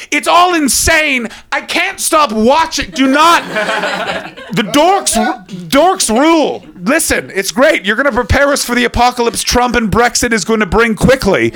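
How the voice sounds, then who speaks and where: A man doing live stand-up at a comedy venue on a stage mic, ranting fast and profanely and chatting with the crowd. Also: very high voice. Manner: rapid, profane, animated ranting. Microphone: stage microphone.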